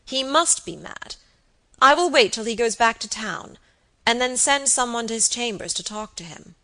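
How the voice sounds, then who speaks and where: A woman's voice: fairly high pitch, normal speed, bright, forceful tone, pitched above the performer's own voice. A woman reading the part of a fond, anxious elderly baronet, with earnest, affectionate pleading. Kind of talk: audiobook character reading.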